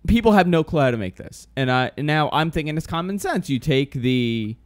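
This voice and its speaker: A man co-hosting a casual podcast, telling a story with lively mimicry. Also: fairly high pitch, moderate pace, no echo. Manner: animated, mimics others in raised voices. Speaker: podcast co-host.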